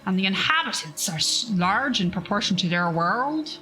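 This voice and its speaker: A woman's voice: medium pitch, very animated, normal speed, pushed and bright, faint music behind, poor audio. A woman doing a wary, put-on-accent alien merchant. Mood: worried. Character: anxious male alien merchant from a small world.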